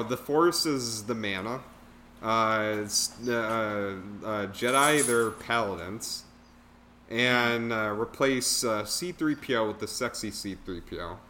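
A man's voice: on the low side, sharp tone, a little hiss or hum. A man casually reviewing a bad film on a podcast, rambling with lots of fillers and laughs. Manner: rambling, filler-heavy, laughs at own jokes. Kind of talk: casual chat.

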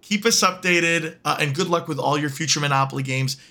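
A man's voice: on the high side, a little fast, sharp tone. A man hosting an interview show, friendly and joking as he wraps up with his guest. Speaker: podcast host. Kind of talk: casual interview chat.

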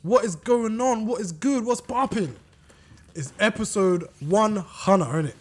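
A man hosting a casual group podcast, hoarse from losing his voice, slangy and jokey. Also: high voice, expressive, unhurried. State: hoarse, lost voice. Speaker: podcast host.

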